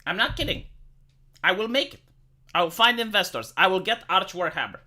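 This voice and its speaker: Animated, swearing man ranting. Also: high-pitched, fairly quick. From Romania. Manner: profane, stammering, repeats words when worked up. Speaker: live streamer. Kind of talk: casual ranting chat to live viewers.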